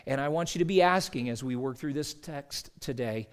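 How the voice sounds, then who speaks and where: Earnest pastor preaching a sermon. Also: male voice, mid-range voice, clear, resonant tone. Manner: earnest, measured preaching with emphatic slow phrases. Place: church sanctuary.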